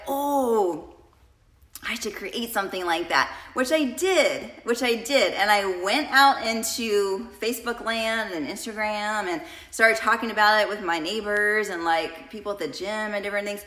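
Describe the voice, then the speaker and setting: A woman's voice: mid-range voice, bright, forceful tone, echoey room. A woman coach talking casually and emotionally to her viewers in a confessional vlog, addressing them directly. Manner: chatty, emotional, addresses viewers as "you guys". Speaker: coach and vlogger.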